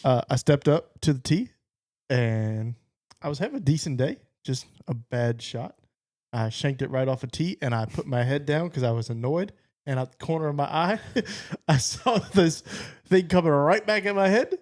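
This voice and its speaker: A man's voice: a little high, animated, normal speed, darkish tone. A man co-hosting a podcast, telling stories in a laid-back, wry way into a podcast mic while wearing headphones. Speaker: podcast co-host. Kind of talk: casual podcast chat.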